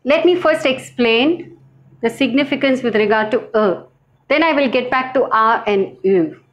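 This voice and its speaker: A woman teaching a language lesson, speaking slowly and carefully, repeating each word for her learners. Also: a little high, animated, rough recording. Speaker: French teacher. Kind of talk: slow classroom lesson.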